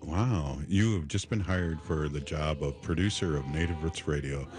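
A man hosting a radio show in casual chat, rambling and halting with many fillers, his voice still a little off after an illness. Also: rumbling low.

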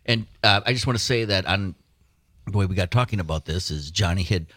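Radio co-host, man, low voice, dry close studio sound, rambling storyteller. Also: brisk, a bit bright, no room sound. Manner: rambling storyteller, repeats words. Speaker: co-host, mayor. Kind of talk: casual radio chat.

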